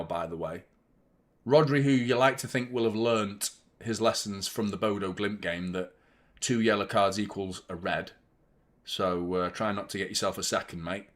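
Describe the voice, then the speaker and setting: A young man hosting a live football watchalong, chatting about the match and swearing at the referee. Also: fairly low pitch. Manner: fan reacting to play, swears and shouts at the referee. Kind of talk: live match commentary and chat.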